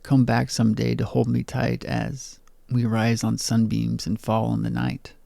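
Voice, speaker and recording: A young man reading his own poetry aloud in a low-key, bitter spoken-word delivery. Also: monotone, a little slow, gravelly, mellow, dry recording. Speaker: poet.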